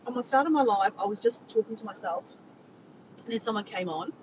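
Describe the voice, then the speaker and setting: Aussie woman rambling on a livestream, muffled far-off mic, loud rumbly vehicle noise behind her. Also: animated, a little fast. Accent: Australian. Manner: rambling, reads out the chat and greets viewers by name. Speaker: vlogger hosting a livestream. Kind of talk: casual live chat with viewers.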